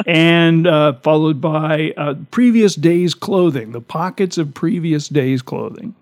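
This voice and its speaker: Chatty man reading survey results. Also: on the high side. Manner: chatty, amused, reads figures with pauses. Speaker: radio talk show co-host.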